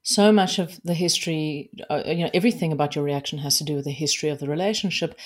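A woman's voice: sits low, fast talker. A woman from South Africa, a relationships coach, talking directly and plainly in a podcast interview.

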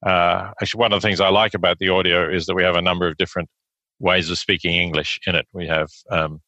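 A man with an Australian accent, answering interview questions in a measured way with many fillers and restarts. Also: low-pitched, level tone, bright, forceful tone, dry recording, dull audio. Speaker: guest philosopher.

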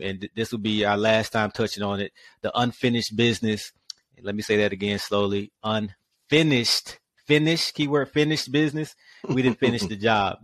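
A man hosting a casual sports podcast in a lively, question-driven way. He has a middle-pitched voice, and the recording is dry and close with no room sound. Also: no echo. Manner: lively, asks rhetorical questions. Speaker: host.

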